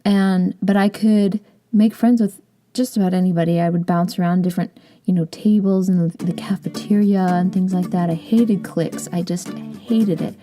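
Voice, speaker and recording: A woman's voice: lowish voice, fairly even intonation, moderate pace, warm tone, faint music behind. A woman in her thirties hosting a podcast, chatting casually with a giggly, restarting way of talking. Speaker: podcast host.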